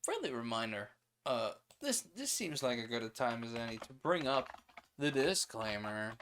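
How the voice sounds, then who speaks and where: Casting: male streamer, mid-pitched, steady story reader with offhand asides. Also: moderate pace. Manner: reads steadily, then adds casual asides and paraphrases. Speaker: streamer reading old pulp stories aloud. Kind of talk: reading a story aloud on a stream.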